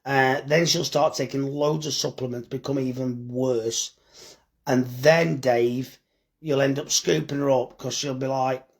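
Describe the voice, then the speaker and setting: A man's voice: medium pitch, steady tone, normal speed. A tired man, chatting bluntly and joking with swearing while reading comments on a live phone stream about his butcher's shop.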